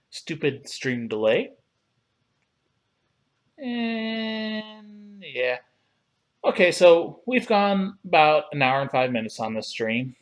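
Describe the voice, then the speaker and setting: A man hosting a casual livestream, talking in an unhurried, relaxed way as he browses and reads things aloud. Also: on the high side. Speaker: livestream host reviewing collectible figures.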